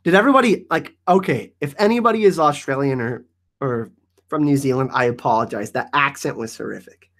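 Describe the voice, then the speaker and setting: Energetic man hosting a live Q&A. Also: medium pitch, fairly quick. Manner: energetic, hyped, rambling with restarts. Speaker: YouTube channel host. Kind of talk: casual live-stream Q&A.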